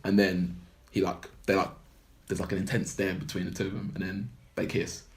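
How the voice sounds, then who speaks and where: A man's voice: deep voice, monotone, brisk, gravelly. A man on a podcast, casually recapping a film plot in a rambling way full of "like" and "blah blah". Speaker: podcast co-host.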